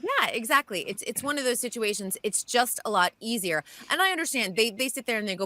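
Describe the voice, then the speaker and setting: A woman co-hosting a radio show, laying out her point in a steady, reasoned way. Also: on the high side, brisk, hardly any pauses, dry recording. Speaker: radio co-host. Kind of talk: casual talk radio banter.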